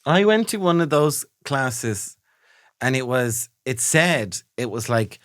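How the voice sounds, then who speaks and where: Animated man, dry close mic. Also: mid-range voice, slow pace, no echo. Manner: animated storyteller, mimics posh voices. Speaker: podcast co-host. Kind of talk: casual comedic chat.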